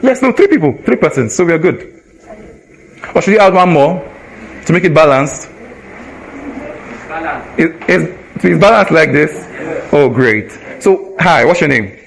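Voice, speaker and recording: Nigerian-accented male trainer, energetic, quizzing a live audience, fairly high voice. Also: measured pace, gravelly, long pauses, slight background noise. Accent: Nigerian English. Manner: energetic, asks the audience rhetorical questions. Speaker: communication trainer. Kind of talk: live workshop teaching. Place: event hall with a live audience.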